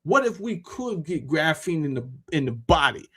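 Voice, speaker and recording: A man talking casually to his viewers as a YouTuber, animated and full of rhetorical questions and slang. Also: on the high side, moderate pace, husky. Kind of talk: casual monologue to camera.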